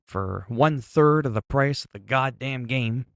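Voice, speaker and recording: A man's voice: mid-range voice, unhurried, fairly bright tone, dry recording, clean studio sound. A man chatting casually on a livestream, reacting to chat messages and exclaiming as he talks.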